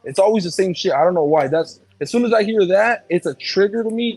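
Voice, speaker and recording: A man in casual chat, telling a personal story in an animated, profane way. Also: sits high, a little fast, slightly rough, faint music behind, poor audio.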